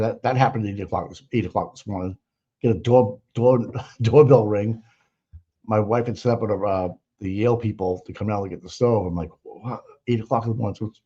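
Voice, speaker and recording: Male livestream host, rambling and crude, mellow voice, dull lo-fi sound. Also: fairly low pitch. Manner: blunt, rambling, swears often. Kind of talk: casual profane livestream commentary. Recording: dull lo-fi audio.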